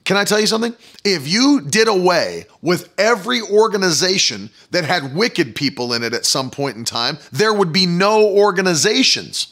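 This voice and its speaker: A man's voice: sits high, sing-song, moderate pace, few pauses, a bit bright. A man preaching a fiery sermon, hammering the crowd with rhetorical questions.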